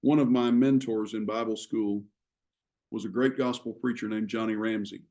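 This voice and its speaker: A man teaching a class on writing, explaining ideas in a measured way with frequent pauses. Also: on the low side, steady tone, mellow. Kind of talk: classroom lecture.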